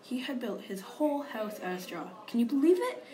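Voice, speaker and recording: A woman's voice: a little high, sing-song, fairly quick, dark tone. A woman reading aloud as a male wolf narrator, telling his side of the story in an aggrieved, confiding manner. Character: wolf, male, self-pitying and sly.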